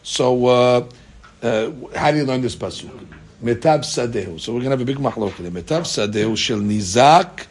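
A man's voice: medium pitch, expressive, moderate pace, husky. A man teaching a daily Talmud class, reading out Aramaic text and explaining it in casual English with rhetorical questions and many fillers.

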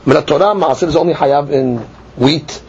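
A man teaching a lively Talmud class, acting out both sides of the argument. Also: fairly high pitch, normal speed, slightly rough. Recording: dull lo-fi recording.

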